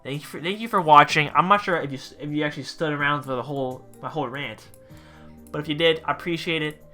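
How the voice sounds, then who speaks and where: A man's voice: a little high, quick pace, pushed and bright, soft background music. A young man telling a storytime rant about a bad night, rambling and exasperated, swearing casually. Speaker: vlogger, pizza delivery driver.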